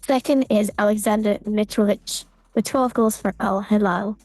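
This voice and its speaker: A man behind a voice changer plays a teasing, chatty young woman who jokes through her football round-up. The voice is mellow and dark-toned, and the sound is dry and close. A little music sits faintly underneath. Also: high voice, steady tone, normal speed, no room sound, pitched above the performer's own voice. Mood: playful. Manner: jokey, teasing. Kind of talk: casual podcast commentary.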